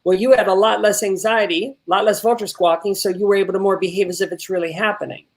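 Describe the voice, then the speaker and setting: A man teaching an online acting workshop. He is animated and repeats words when excited, and he swears casually while giving feedback. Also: high voice, quick pace. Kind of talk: coaching an actor in an online workshop.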